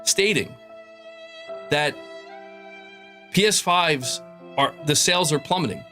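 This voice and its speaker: Male commentator, emphatic and lecturing, slightly raised pitch, soft music bed. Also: expressive, slow pace. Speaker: gaming commentator in a played clip. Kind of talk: opinionated video commentary.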